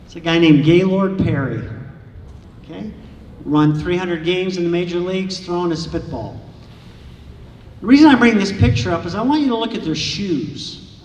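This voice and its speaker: Male author telling stories at a library talk, higher voice, far from the mic in a reverberant hall. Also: normal speed, pauses often. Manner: lively anecdotal storyteller, acts out dialogue. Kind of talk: storytelling lecture to an audience. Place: large echoey lecture room. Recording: echoey hall from far off, faint hiss.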